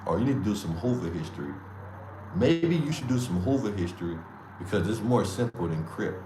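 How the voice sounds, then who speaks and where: This livestream host's voice sits fairly low as he riffs casually, slinging slang and trash talk and laughing often. There's background noise, and the room sounds echoey with faint ambience.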